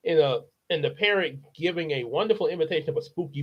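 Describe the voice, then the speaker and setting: With his highs cut off in the audio, a man with a slightly high voice reads a children's novel in a relaxed storybook style. He is unhurried, laughing now and then and chatting with his listeners.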